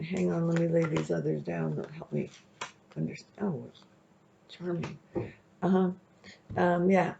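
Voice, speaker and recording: Chatty tarot reader, woman, gravelly low-fi sound, loose rambling delivery. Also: dark tone. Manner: chatty, rambling, checks in with "okay?". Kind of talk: casual tarot reading to camera. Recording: dull lo-fi recording.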